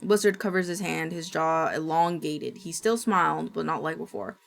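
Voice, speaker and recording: A woman streamer reading a horror story aloud in steady, dramatic narration. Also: sits low, normal speed, vocal fry.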